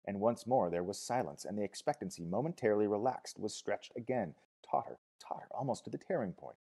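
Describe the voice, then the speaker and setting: A man narrating a novel as an audiobook, expressive, dropping to hushed tones and rising to loud cries. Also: lowish voice, brisk, hardly any pauses, slightly rough. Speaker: audiobook reader.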